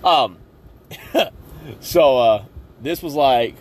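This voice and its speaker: A man's voice: medium pitch, expressive, very slow, long pauses. A young man from Southwest Virginia with a Southern accent, telling a rambling, self-mocking story as a podcast host, full of ums and uhs. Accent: Southern American. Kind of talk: casual storytelling.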